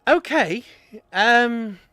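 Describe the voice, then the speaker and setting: A man's voice: very high voice, animated, extremely slow, pushed and bright, no room sound, clean studio sound, faint music behind. A man streaming himself playing a strategy game, chatting and reacting aloud to the battle as it unfolds. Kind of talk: live game commentary.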